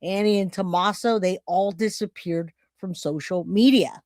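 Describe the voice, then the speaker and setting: Chatty livestream host. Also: male voice, sits high, steady tone, moderate pace, a little mellow, no echo, studio quality. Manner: chatty, thanks donors by name. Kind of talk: casual true-crime livestream.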